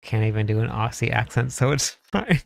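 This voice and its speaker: Guy streaming a game, gravelly voice, chatty, thinks out loud, super dry close mic sound. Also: mid-range voice, expressive, normal speed, dry recording. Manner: chatty, thinks aloud and talks to chat. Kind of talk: casual live-stream commentary.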